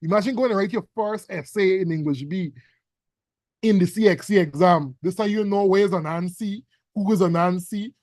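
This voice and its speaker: A man teaching a casual exam revision class, teasing students with loud bursts. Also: high-pitched, normal speed, dry recording, studio quality.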